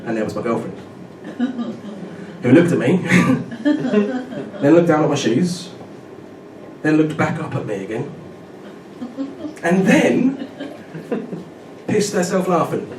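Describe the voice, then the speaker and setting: 30s guy doing stand-up at a pub gig, chatty, keeps asking "right?", sounds far off in a boomy room. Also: huge pitch swings, slow pace, long pauses. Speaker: stand-up comedian. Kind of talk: stand-up comedy set. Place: pub comedy night with a live audience. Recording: echoey room from far off, loud noise.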